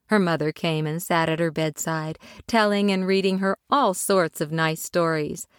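A woman narrating a children's story aloud with expressive, dramatic delivery. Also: on the low side, no echo, clean studio sound. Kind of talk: storybook reading.

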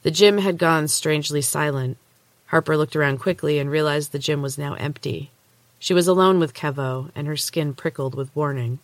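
A woman podcast host narrating a novel chapter aloud in a steady, measured way. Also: sits low, no echo. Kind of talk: storybook narration.

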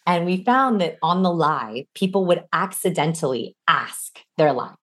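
A woman's voice: lowish voice, moderate pace. A young adult woman, a guest expert on communication, explaining energetically in an interview. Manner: energetic, demonstrates voices mid-sentence. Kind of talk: animated interview explanation with vocal demos.

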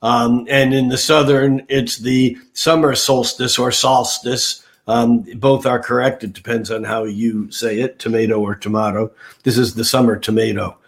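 A man's voice: mid-range voice, fairly even intonation, moderate pace, vocal fry, few pauses. An older man, an astrologer on a podcast, talking casually with many fillers and restarts. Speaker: astrologer guest.

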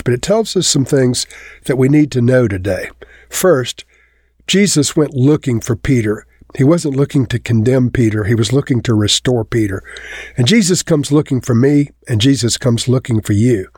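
A man's voice: darkish tone, dry recording. Male preacher, conversational sermon delivery, dry close-mic sound. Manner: conversational, lifts pitch for quoted lines.

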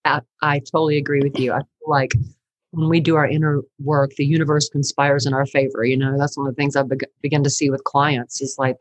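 Middle-aged woman guest, low and husky, lively storyteller, dry close recording. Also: dry recording, rough recording. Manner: animated storytelling, laughs often. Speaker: guest, counselor and teacher. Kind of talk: conversational podcast interview.

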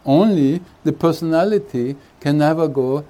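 A man speaking as a spiritual teacher at a retreat, giving an unhurried satsang talk with jokes and chuckling between his thoughts. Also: a little high, warm tone. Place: retreat hall.

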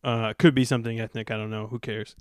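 A man's voice: mid-range voice, little pitch movement, quick pace, smooth, dry recording, studio quality. A man hosting a podcast, telling a story in a laid-back, rambling way. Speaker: podcast host. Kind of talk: casual storytelling chat.

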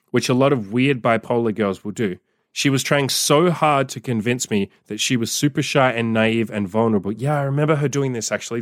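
A man's voice: medium pitch, fairly bright tone, dry recording, studio quality. A young man hosting a podcast, reading his own old story aloud and reacting with crude, exasperated, swearing asides. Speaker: podcast host and dating coach.

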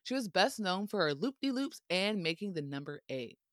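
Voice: mid-range voice, very animated, normal speed, fairly bright tone, no echo, studio quality. A podcast host telling history in a casual, playful way, with joking asides and frequent laughter.

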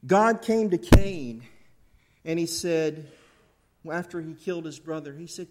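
A middle-aged man preaching a sermon, swinging between loud fervent bursts and soft intimate asides. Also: fairly high pitch, measured pace, pauses often. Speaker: pastor.

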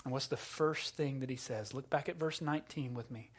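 A man preaching a sermon in a relaxed, conversational way, poking fun at himself and stumbling over repeated words as he goes. He drops to a low, quiet voice to drive his points home, then lifts back up again. His voice sits in a middle pitch. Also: brisk, hardly any pauses, breathy edge. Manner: conversational and self-deprecating, often restarting words. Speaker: pastor.

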